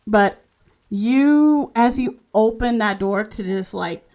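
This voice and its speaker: A woman narrating a tabletop game as game master, halting and full of fillers as she describes scenes. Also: fairly high pitch, darkish tone. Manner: slow, halting narration with many fillers and restarts.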